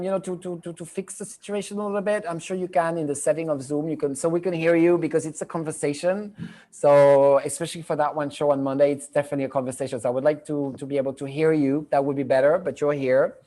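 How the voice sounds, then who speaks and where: A man's voice: a little high, darkish tone. A middle-aged man with a French accent, hosting a live video-call show as a medium in a chatty, rambling way. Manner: chatty, rambling, repeats himself. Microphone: computer mic on a video call.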